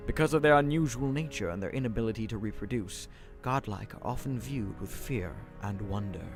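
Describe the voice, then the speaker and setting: Dude putting on a deep quiet godlike voice, slow and brooding, low, soft music in the back. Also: male voice, lightly acted. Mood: solemn. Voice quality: deep, hushed. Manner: slow, introspective, solemn.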